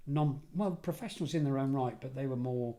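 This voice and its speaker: A middle-aged English man, a podcast guest, telling lively anecdotes in a casual conversational way and often correcting himself mid-sentence. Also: mid-range voice, a little fast. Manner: animated anecdotal storyteller, self-correcting. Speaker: podcast guest, former detective and security head. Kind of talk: casual storytelling.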